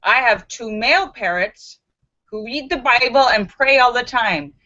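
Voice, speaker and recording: A woman doing a calm, reassuring pastor. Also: fairly high pitch, measured pace, muffled recording, heavily acted. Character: calm male pastor who keeps parrots.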